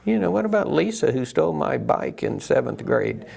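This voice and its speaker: A man's voice: sing-song, normal speed, creaky, a little mellow, heavily acted. A man putting on a whiny, incredulous woman's voice as he retells a comedy commercial. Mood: whiny disbelief. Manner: high, incredulous whining. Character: whiny woman in a diner ad, put out.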